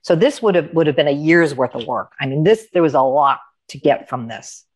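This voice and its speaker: In a low, fairly quick, slightly rough voice, a middle-aged female coach shares lively stories during an interview. She performs the quoted lines of the people she describes.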